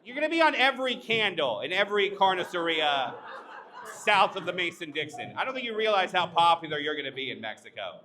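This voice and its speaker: A man's voice: high-pitched, sing-song, brisk, echoey room, crowd noise. A man playing a casual, chummy male angel who makes small talk while delivering news. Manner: laid-back, small-talking.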